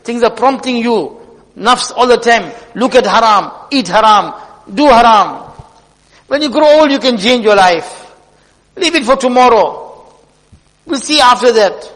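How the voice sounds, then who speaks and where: A man voicing a wise caged pet parrot that gently teaches its master, in an earnest storytelling tone. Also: very high-pitched, expressive, a little slow, pauses often, voice pushed up, heavily acted. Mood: admonishing. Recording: long hall reverb.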